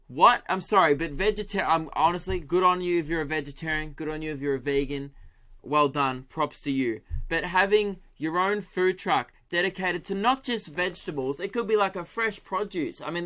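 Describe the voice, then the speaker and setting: Animated sweary comedian. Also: male voice, on the high side. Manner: animated, sweary, laughing storytelling with put-on voices. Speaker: comedian podcast host. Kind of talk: solo comedy podcast rant.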